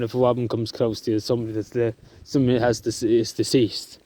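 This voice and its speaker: A man talking to camera outdoors in the countryside, halting and emotional, with many fillers and restarts. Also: medium pitch, steady tone. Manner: soft-spoken and emotional. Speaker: vlogger. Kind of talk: emotional outdoor vlog talk. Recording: outdoor noise in the background.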